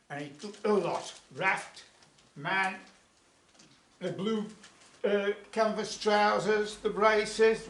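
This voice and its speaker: A male storyteller at a live folk club, spinning a tale in a chatty way and breaking off to talk to the crowd. his voice sits fairly high, and the room is echoey, with the sound bouncing back off the walls. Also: pushed and bright, slight background noise. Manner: chatty, asides to the audience.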